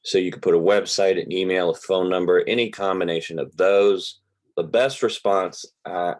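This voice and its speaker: Guy with a real low voice, laid back, rambling through an online class on a computer mic. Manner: relaxed, rambling, drawls with y'all. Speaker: real estate investing teacher. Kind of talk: casual online class lecture. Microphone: computer mic on a video call.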